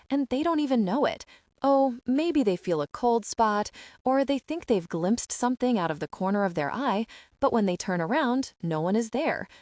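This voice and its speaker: A young woman narrates a first-person young adult audiobook, confiding and wry, with a mid-pitched voice. The sound is dry and close to the mic. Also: a little mellow, dry recording.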